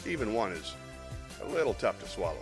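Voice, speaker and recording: A man hosting a live stream show, chatting casually in a relaxed, rambling way full of "uh" fillers. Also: fairly low pitch, brisk, soft background music.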